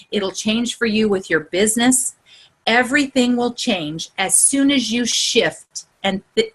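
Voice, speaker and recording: A woman leading a video-call coaching session, excitable and earnest, her voice climbing high when she gets excited. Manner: earnest and encouraging, building to heartfelt pep talk. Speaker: group leader.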